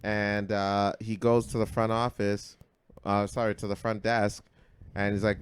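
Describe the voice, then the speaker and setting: Profane, animated man telling a story. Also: on the low side, a little slow, clear, resonant tone. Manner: animated, profane, swings between loud and mumbled. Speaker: podcast co-host. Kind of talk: casual storytelling chat.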